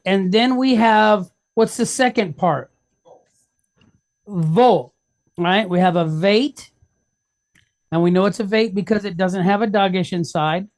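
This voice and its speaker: Slow, patient woman teaching. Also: medium pitch, darkish tone, dry recording, clean studio sound. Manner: sounds out syllables slowly, step by step; patient, checks in with the class. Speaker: Hebrew reading teacher. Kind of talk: classroom lesson.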